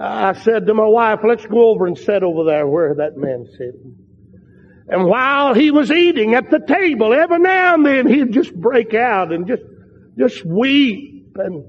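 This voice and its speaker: An older man preaching a sermon with fervent, drawn-out emphatic phrases. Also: sits high. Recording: dull lo-fi sound in a large reverberant hall.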